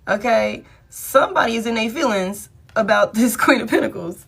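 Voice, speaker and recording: A woman's voice: on the high side, expressive, normal speed, gravelly, husky. A woman reading tarot cards for her viewers in a casual, blunt, profane way, talking straight to them. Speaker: tarot reader.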